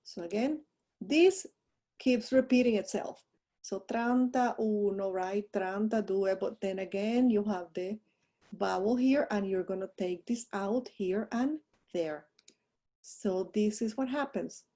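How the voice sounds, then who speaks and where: A woman's voice: mid-range voice, slow pace, mellow. A woman teaching a recorded online lesson, talking through her slides with chatty asides. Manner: talks through a screen while fumbling with her mouse, chatty asides. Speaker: language teacher.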